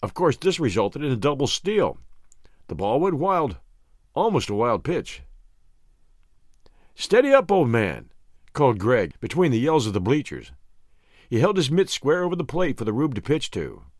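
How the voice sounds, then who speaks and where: A man hosting and narrating a classic short story audiobook with clear, expressive reading. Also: medium pitch, moderate pace, no echo, studio quality.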